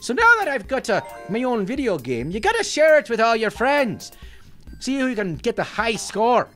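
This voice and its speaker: A man voicing a cheeky, excitable Irish leprechaun who plays a mobile game and shouts at the action, in an Irish accent. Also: very high-pitched, normal speed, exaggerated voice. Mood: excited. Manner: excitable, exclamatory, jokey stage-Irish. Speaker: gaming channel character. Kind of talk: playing a mobile game with commentary. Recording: faint background music.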